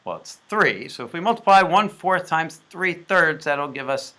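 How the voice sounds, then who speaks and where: A man's voice: a little high, animated, moderate pace, bright, forceful tone. A man walking through math homework problems step by step, joking as he goes. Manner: jokey, talks through math steps aloud. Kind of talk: playful homework walkthrough.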